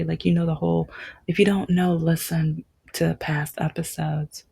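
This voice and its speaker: A young adult woman hosting a podcast, telling a personal story in a halting way, with many restarts and whispered stretches. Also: low-pitched, creaky, a little mellow, breathy edge. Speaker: podcast host.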